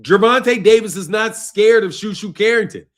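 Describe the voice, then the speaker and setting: His voice is high-pitched and moderately paced. He's a young man hosting a boxing live stream, arguing with viewers' comments while laughing, swearing and growing exasperated.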